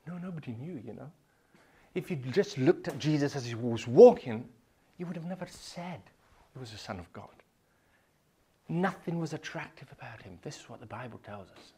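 A man preaching a sermon, swinging between loud proclamations and hushed whispers. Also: mid-range voice, slight background noise.

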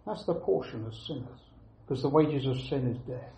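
A man preaching a sermon, earnest and emphatic, repeating key phrases with pauses between them. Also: medium pitch, expressive, gravelly, mellow. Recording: echoey room, dull lo-fi sound.

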